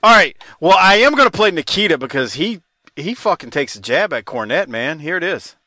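A man's voice: a little high, sing-song, brisk, bright, forceful tone, no room sound, clean studio sound. A man hosting a podcast in casual chat, laughing and swearing freely. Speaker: podcast host.

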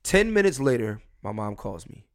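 A young man hosting a solo podcast, blunt and swearing freely, his voice swinging between loud and quiet. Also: mid-range voice, sing-song, normal speed. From Philadelphia. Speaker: podcast host.

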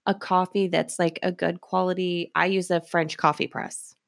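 Chatty woman with gravelly fry. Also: fairly low pitch, level tone, normal speed. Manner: chatty, laughing. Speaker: podcast co-host. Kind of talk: casual chat.

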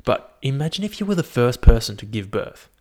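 A man's voice: mid-range voice, fairly quick. A young man, musing aloud in a casual, profane monologue full of fillers. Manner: profane, animated, thinks aloud with many fillers.

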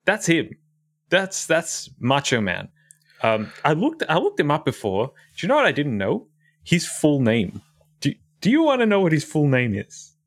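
A man's voice: a little high, wildly swooping pitch, moderate pace. A man chatting casually as a podcast guest, playful and enthusiastic.

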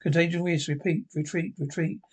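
A man's voice: a little high, fairly even intonation, brisk, breathy edge. A man reading as a clipped robot dog. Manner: clipped, repeated commands.

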